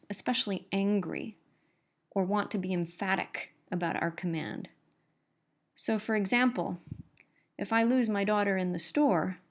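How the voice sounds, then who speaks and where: A middle-aged woman delivers a recorded grammar lecture in a patient, explanatory way. She often restates her key points to make them stick. Her voice sits at an ordinary pitch for a woman. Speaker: English instructor.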